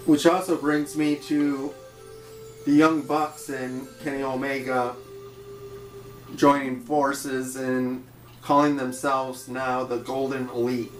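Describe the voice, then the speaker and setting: Male podcast co-host, slow and even, roomy sound, faint music behind. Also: mid-range voice. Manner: steady recapping of results, laughs along. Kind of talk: casual wrestling recap.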